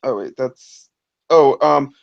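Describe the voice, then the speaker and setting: Co-host, man, reads chat questions slowly and haltingly, dull lo-fi sound. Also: mid-range voice, vocal fry. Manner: halting, many ums and restarts. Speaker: co-host reading viewer questions. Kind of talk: reading chat questions aloud.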